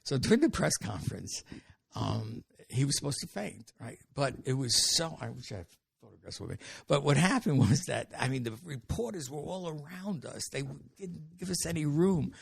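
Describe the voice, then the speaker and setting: Older Brooklyn-born comic, gravelly and husky, dry close sound, rambling storyteller. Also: male voice, a little high, normal speed, no echo. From Brooklyn, New York. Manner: animated anecdote-telling, frequent restarts. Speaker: comedian guest. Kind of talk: podcast storytelling.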